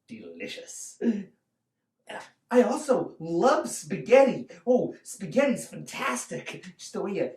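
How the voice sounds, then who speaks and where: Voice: reverberant, distant mic. A performer doing a goofy, gushing show mascot. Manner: bouncy, gushing, swooping pitch. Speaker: mascot character.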